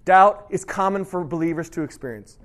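High-voiced animated man preaching. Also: brisk. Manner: animated, lively storytelling with sudden drops to soft tones. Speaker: pastor. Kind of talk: sermon.

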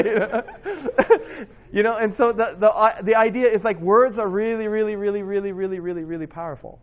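Animated pastor telling family stories. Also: male voice, sits high, brisk, dull audio, some chatter behind. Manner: animated storytelling, acts out his kids, laughs often. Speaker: youth pastor. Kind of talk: sermon to teenagers.

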